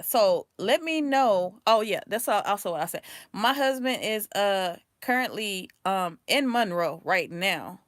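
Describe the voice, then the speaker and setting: Casual, sweary woman tarot reader, Louisiana accent, mid pitch, dry close sound. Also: no echo. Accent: Louisiana, with some New Orleans. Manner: chatty and rambling, blunt with swearing. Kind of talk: casual livestream chat.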